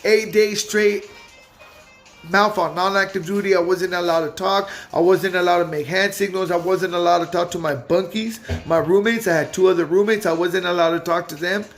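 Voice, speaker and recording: A loud young man, casually telling his own story in street slang and acting out what people said. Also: sits high, fairly even intonation, normal speed, soft background music.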